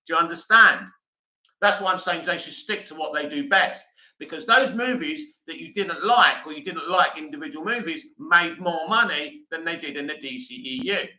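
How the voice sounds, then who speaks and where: A man's voice: on the high side, normal speed, sharp tone, echoey room, low-quality recording. A British man hosting a live stream, reading comments aloud and answering them bluntly in casual chat.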